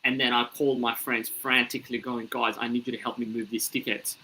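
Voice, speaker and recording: A man's voice: mid-range voice, a little fast, a little hiss or hum, low-quality recording. A young Australian man, a comedian, telling a story in a casual interview and acting out the people he quotes. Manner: animated, acts out quoted voices. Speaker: comedian guest.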